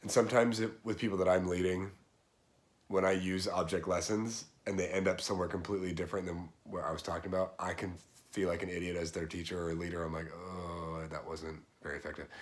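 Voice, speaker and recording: A man casually explaining a Bible passage in a relaxed, chatty way. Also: low voice. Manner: relaxed, conversational, chatty slang. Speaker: Bible teacher.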